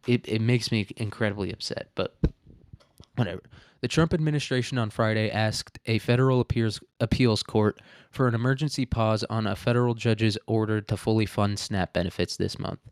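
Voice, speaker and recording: A man's voice: fairly low pitch, moderate pace, no echo, clean studio sound. Rambling, profane male podcast host. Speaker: show host. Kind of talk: casual political commentary podcast.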